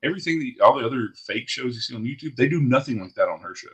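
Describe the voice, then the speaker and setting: A man's voice: mid-range voice, expressive, rapid-fire, fairly bright tone, breathy edge. A man hosting a podcast in casual chat, talking bluntly and profanely in a ranting way. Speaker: podcast host.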